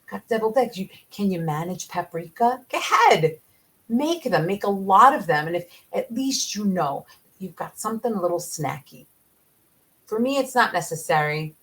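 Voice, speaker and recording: A woman chats to her viewers in a relaxed, encouraging vlog voice that sits on the low side. Her speech carries plenty of gravelly vocal fry. She talks in an animated way and laughs easily between her tips. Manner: chatty and encouraging, addresses viewers directly. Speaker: vlogger sharing carnivore diet meal-prep tips. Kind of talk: casual talk to camera.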